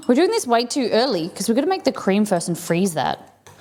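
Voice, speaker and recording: A woman's voice: fairly high pitch, very animated, moderate pace. A woman hosting a live cooking stream, chatting casually and thinking aloud as she works in a home kitchen.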